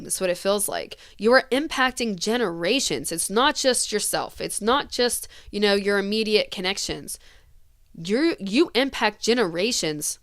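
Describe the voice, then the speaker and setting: A woman reading tarot for her viewers, speaking in an earnest, gentle, rambling way with fillers and small laughs. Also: mid-range voice, smooth, dry recording, clean studio sound. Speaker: tarot reader.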